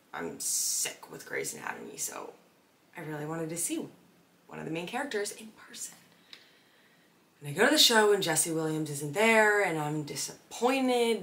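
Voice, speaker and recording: A young woman hosts a casual podcast, chatting about her week with lots of swearing and quoted voices. Her voice sits a little low, and she tells the story in an animated way. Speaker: podcast host. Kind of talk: casual chat.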